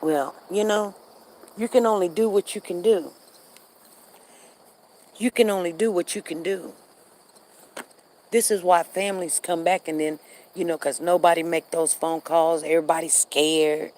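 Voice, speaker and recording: A woman's voice: on the low side, fairly even intonation, a little slow, long pauses, a little mellow, a little hiss or hum, rough recording. A middle-aged woman, chatting casually on a livestream and reacting to what happens outside. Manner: chatty, repeats herself, reacts to events outside. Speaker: livestream host.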